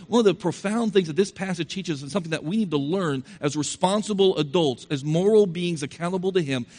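Higher-voiced male preacher. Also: a little mellow. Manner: addresses the congregation with rhetorical questions; repeats phrases for emphasis. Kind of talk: sermon.

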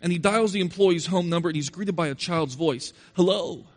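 A man's voice: fairly high pitch, a little fast. A male preacher delivering an evening sermon, repeating phrases for emphasis and asking the congregation rhetorical questions.

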